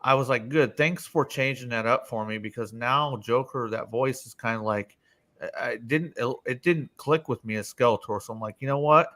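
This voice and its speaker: A man's voice: medium pitch, normal speed, fairly bright tone. A man hosting a casual live-stream panel discussion, loose and swearing freely, calling on each panelist by name.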